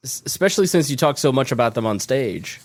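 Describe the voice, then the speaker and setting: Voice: mid-range voice, big pitch swings, fast. A podcast co-host in casual chat, asking the host questions. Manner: curious, asks questions.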